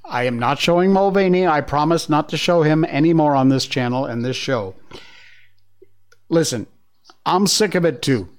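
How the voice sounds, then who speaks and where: A middle-aged male host delivers opinionated news commentary into a studio mic, with a slightly high-set voice. He sounds emphatic and sarcastic, and he often laughs at the stories he covers. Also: expressive, moderate pace. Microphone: studio mic with earpieces.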